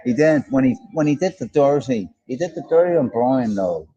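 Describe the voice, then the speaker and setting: Mellow-voiced man chatting on a livestream. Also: mid-range voice, animated, moderate pace, husky, lo-fi sound. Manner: banter, greets viewers by name, jokey and sweary. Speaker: livestream co-host. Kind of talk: casual live-stream chat reading comments. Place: outdoors in a park.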